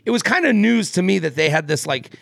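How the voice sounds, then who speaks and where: Casual male podcast co-host, gravelly and a bit high, rambling, dry close mic. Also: big pitch swings, fast talker, fairly bright tone, dry recording. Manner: rambling, many fillers and restarts, laughs often. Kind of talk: casual chat.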